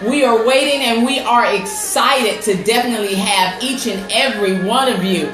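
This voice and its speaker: A woman's voice: fairly high pitch, normal speed, fairly bright tone, reverberant, faint music behind. A woman hosting a live-streamed talk show who greets her viewers by name with upbeat energy. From United States. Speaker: host and life coach. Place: home setup with computer.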